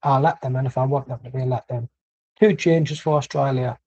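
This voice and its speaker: A man's voice: medium pitch, fairly even intonation, brisk, a little mellow, husky, muffled recording. A man doing casual live match commentary from home, rambling and blunt with plenty of swearing. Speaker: watchalong streamer.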